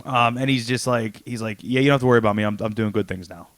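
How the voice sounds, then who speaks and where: A man's voice: mid-range voice, fast, fairly bright tone, no echo. A man co-hosting a casual comics podcast, retelling a story in a loose, rambling way and acting out the lines in his own voice. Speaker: podcast co-host. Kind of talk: casual chat about comics.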